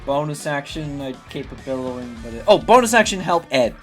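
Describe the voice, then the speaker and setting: A man's voice: fairly high pitch, animated, fairly quick, faint music behind. A man playing a tabletop game, hesitant and full of fillers while working out his turn. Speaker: player.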